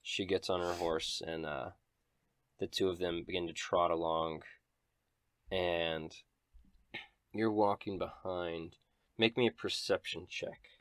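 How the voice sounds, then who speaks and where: Deep-voiced man running a tabletop game. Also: fairly even intonation, slow pace, pauses often, no echo, studio quality. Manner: descriptive, dramatic narration. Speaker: game master.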